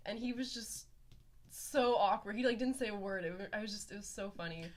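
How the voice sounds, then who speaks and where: A woman's voice: medium pitch, fairly quick. A woman co-hosting a podcast, chatting casually and laughing along with short agreeing replies. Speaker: podcast co-host. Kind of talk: casual chat.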